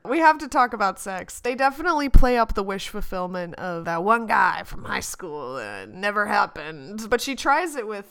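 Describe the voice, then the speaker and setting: A woman co-hosting a casual film discussion podcast, opinionated and animated. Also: medium pitch, normal speed, gravelly, hardly any pauses, smooth. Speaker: podcast co-host.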